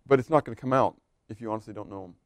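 A man's voice: lowish voice, very fast, no room sound. A man preaching a sermon in a loose, conversational way, asking the congregation questions and laughing now and then. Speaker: pastor.

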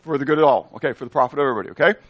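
A man's voice: medium pitch, racing, a bit bright, no room sound. A male pastor preaching a sermon, often asking the congregation questions and answering them himself, with playful asides in made-up words.

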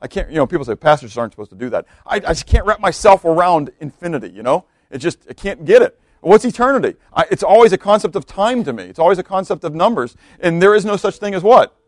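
A man's voice: high-pitched, very animated, fast, few pauses, no room sound, studio quality. Man preaching with questions to the congregation. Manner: conversational preaching with repeated rhetorical questions. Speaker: pastor. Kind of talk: sermon.

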